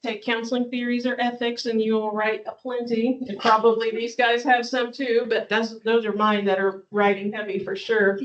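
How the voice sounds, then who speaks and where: A woman's voice: fairly high pitch, flat delivery, normal speed, hardly any pauses. A woman psychology professor talking to students in a classroom, chatty and conversational with small asides. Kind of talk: classroom presentation. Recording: dull lo-fi room recording.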